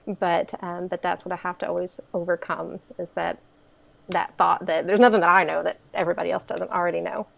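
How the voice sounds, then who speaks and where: A woman's voice: fairly low pitch, little pitch movement, a little fast, creaky, fairly bright tone. A woman from Kentucky with a Southern twang, a podcast guest talking easily over a remote call with plenty of fillers. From Kentucky, USA. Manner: easygoing, self-deprecating, many fillers. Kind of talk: casual interview chat.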